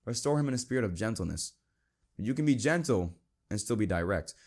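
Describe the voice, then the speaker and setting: A young man hosts a Christian podcast in a relaxed, conversational way. His voice sits on the low side, and he speaks earnestly, reading scripture and giving plain advice about friends who hold you accountable. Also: a little fast. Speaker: podcast host. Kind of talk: casual Christian podcast talk.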